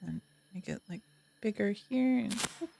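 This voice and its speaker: A woman's voice: mid-range voice, unhurried, creaky, a little mellow, a little hiss or hum. A young woman streaming a game, chatting casually, cooing and doting with giggles and sudden gasps. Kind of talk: casual live-stream commentary.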